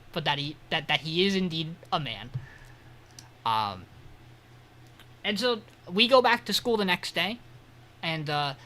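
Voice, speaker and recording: A man's voice: a little high, bright, forceful tone. A man co-hosting a podcast, giving a loose, joking episode recap with sarcastic asides. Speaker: podcast co-host.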